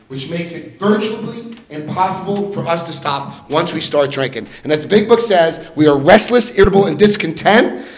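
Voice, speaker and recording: A man in his fifties telling a personal recovery story to an audience, acting out quotes with sudden jumps in pitch and loudness. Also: slightly rough. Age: 50s. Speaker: recovery speaker.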